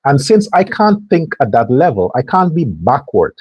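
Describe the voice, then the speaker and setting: A man holds forth in a sarcastic, preachy political monologue. His husky voice is highly animated, rising and falling widely. The sound is close and dry. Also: normal speed, no room sound, lo-fi sound. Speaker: host.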